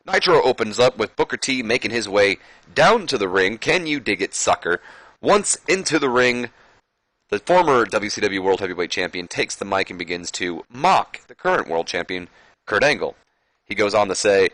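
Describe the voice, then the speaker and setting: A man's voice: on the low side, animated, brisk, a bit bright, dry recording. Chatty man commenting on a game. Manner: chatty, self-mocking, reads out match results. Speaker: let's-play commentator.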